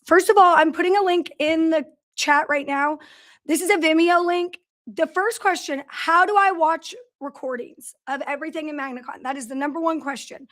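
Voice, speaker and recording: Chatty woman host on a company livestream, high voice, talks from an office. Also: a bit bright. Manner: chatty storyteller, greets viewers by name. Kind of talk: casual livestream chat. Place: office in a large factory building.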